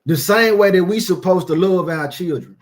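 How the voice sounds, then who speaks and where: A man's voice: high-pitched, normal speed. A man preaching an informal sermon, emphatic and repetitive, with streetwise phrasing and frequent asides of "man".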